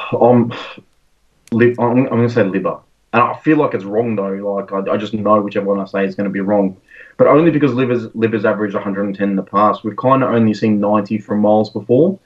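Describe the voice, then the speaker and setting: A man co-hosting a podcast in casual chat, relaxed with lots of ums and restarts. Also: fairly low pitch, a little fast. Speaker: podcast co-host. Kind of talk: casual fantasy sports chat. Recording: distant, dull-sounding mic.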